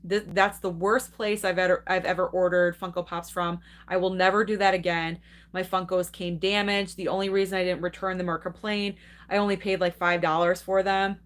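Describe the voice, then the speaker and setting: A woman's voice: fairly low pitch, fairly even intonation, normal speed, fairly bright tone. A young adult woman hosting a live movie stream, chatting casually and enthusiastically while reading and answering viewer comments, laughing often.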